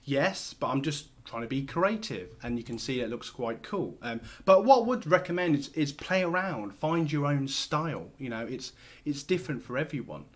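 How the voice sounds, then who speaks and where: A man's voice: fairly high pitch, animated, normal speed, hardly any pauses. A man hosting a casual screen-share tutorial, talking loosely with lots of fillers and restarts as he works. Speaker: host.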